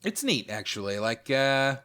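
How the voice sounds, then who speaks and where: A man of ordinary pitch, neither high nor low, chatting casually as a podcast host. He rambles along in an easygoing way and pokes fun at himself. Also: very animated, a little slow, sharp tone, clean tone. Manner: rambling, easygoing, self-mocking. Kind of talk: casual chat.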